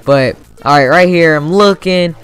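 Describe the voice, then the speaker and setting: A young man giving casual, excitable commentary over his own video game match, swearing freely and bursting into sudden yells. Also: fairly high pitch, a little slow, clean tone, soft background music. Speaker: gaming YouTuber.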